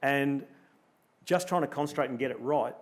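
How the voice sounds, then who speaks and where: Animated Australian man telling a race story. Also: medium pitch, normal speed. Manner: animated storyteller, acts out his own thoughts in quoted asides. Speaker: guest speaker, former pro cyclist. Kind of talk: storytelling in a live interview. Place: luncheon event room.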